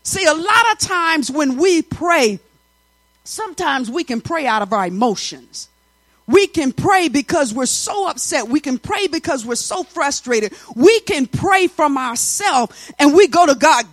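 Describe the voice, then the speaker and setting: High-voiced woman preaching a sermon. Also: sing-song, measured pace, no echo. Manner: call-and-response preaching, rising to shouts; colloquial, folksy asides.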